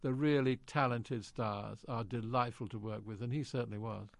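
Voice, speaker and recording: Older British actor, dry close sound. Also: male voice, medium pitch, steady tone, moderate pace, vocal fry, no room sound. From Britain. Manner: genial, reminiscing, acts out quoted lines. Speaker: actor guest. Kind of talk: interview, anecdotal storytelling.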